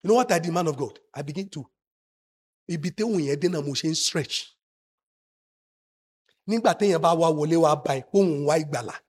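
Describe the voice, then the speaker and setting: High, husky preacher man. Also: fast, pauses often. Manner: swings from soft asides to shouted emphasis. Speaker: pastor. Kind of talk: sermon.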